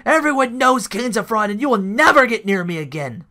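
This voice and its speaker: A man doing a loud impression of a cocky, boastful male wrestling champion who trash-talks his rivals. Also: high voice, animated, a little fast, pitched above the performer's own voice. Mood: taunting. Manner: loud taunting trash talk.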